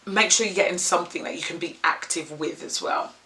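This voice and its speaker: A woman's voice: on the low side, brisk, pushed and bright. A young woman and makeup artist, rambling candidly in an unscripted vlog and swearing freely.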